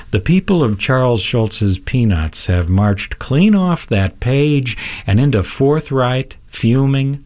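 A man giving scripted, measured commentary as a critic narrator. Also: mid-range voice, a little mellow.

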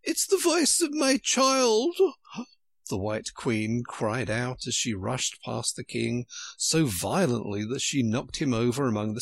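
Man with a gravelly, husky voice, reading a storybook. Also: mid-range voice, no echo. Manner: expressive, storytelling cadence. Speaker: narrator. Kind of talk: audiobook narration.

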